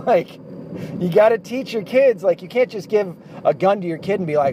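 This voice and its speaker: A blunt, swearing man in his thirties rambles on about being a dad, full of "uh" and "you know." His voice sits a little high for a man. Clear traffic and street noise run behind him outdoors. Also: animated, fairly quick, mellow, highs cut off. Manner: blunt, profane, rambling with many fillers. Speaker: dad vlogger. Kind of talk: casual monologue to camera.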